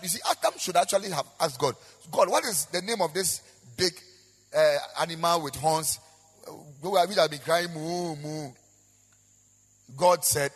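A man's voice: fairly high pitch, slightly rough. A man with a Ghanaian accent preaching a sermon as pastor, with a sing-song, repetitive delivery. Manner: preaching with sung, rising and falling emphasis and repetition. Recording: echoey hall with long reverb.

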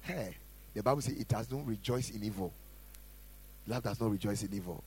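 A man preaching a sermon as a pastor, asking the congregation questions and swinging between shouted lines and quiet asides. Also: fairly low pitch, brisk, a little hiss or hum, rough recording. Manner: preaching with call-and-response questions.

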